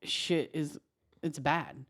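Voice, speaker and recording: A woman's voice: low voice, extremely slow, a bit bright. A middle-aged woman co-hosting a podcast, talking in a candid, reflective way. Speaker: podcast co-host. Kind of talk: casual chat.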